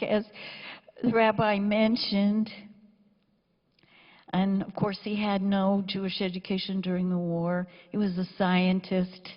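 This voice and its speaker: A woman giving a eulogy for her father, speaking quietly and breathily, close to a whisper. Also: mid-range voice, little pitch movement, takes it slowly. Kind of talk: funeral eulogy. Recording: echoey hall, dull lo-fi sound.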